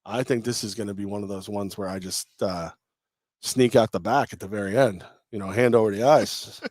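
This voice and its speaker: A man's voice: fairly low pitch, a little fast, dry recording, clean studio sound. A man hosting a sports radio show, chatting casually and self-deprecatingly while acting out phone calls. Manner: self-deprecating, expressive, acts out quotes.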